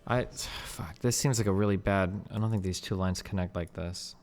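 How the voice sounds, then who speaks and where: A man's voice: sits low, fairly even intonation, moderate pace, a little mellow, soft background music. A man streaming live, reading an article aloud and questioning it as he thinks aloud, with many "like"s.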